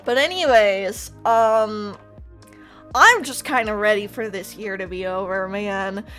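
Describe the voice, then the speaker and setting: A woman's voice: mid-range voice, slow, fairly bright tone, soft background music. A woman streamer chatting live to her viewers, anxious and close to tears, rambling and laughing nervously. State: on the verge of tears. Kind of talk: casual live-stream chat.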